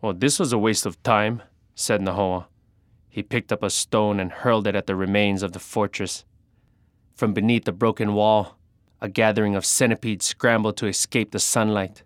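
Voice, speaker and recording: A man narrating an adventure story in the first person, measured and dramatic. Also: fairly low pitch, flat delivery, no room sound, clean studio sound.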